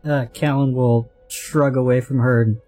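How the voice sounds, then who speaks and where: A man's voice: mid-range voice, fairly even intonation, normal speed, warm tone, faint music behind. A man playing a tabletop game who calls out his character's actions in a matter-of-fact way. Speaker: player. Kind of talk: casual tabletop play.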